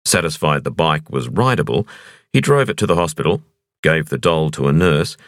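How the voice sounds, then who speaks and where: A man reading a thriller audiobook in a measured, expressive narration. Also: very deep voice, no room sound, clean studio sound. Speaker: audiobook reader.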